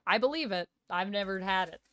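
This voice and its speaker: A woman's voice: medium pitch, animated, a little fast, pushed and bright, dry recording. A young Canadian woman streaming live, chatting playfully and reading viewer comments aloud. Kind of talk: casual live-stream chat.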